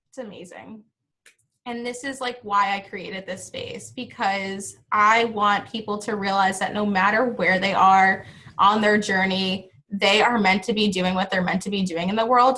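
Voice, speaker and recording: Woman host of a live closing talk, bright and forceful tone, medium pitch; heartfelt, casual, a bit of swearing. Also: fairly even intonation, measured pace. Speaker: founder and host of an online school. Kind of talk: live-streamed closing talk, reading viewer comments aloud.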